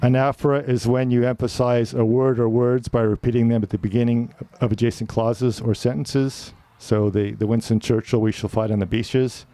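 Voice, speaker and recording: Middle-aged male speaking teacher, warm and smooth, instructive lecture delivery. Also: medium pitch, flat delivery, moderate pace, few pauses, dry recording. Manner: instructive, defining terms and quoting examples. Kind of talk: online lecture with quiz.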